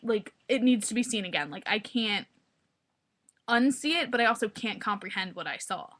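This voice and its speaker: Excitable rambling young woman vlogger. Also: mid-range voice, normal speed. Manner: excitable, rambling, heavy use of "like". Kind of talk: casual vlog chat.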